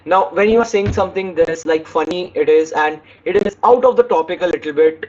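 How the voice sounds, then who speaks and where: A man's voice: high voice, brisk, darkish tone, muffled recording. A man giving an online speaking lesson, demonstrating tones by reading lines aloud and stopping to correct himself. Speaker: English speaking teacher.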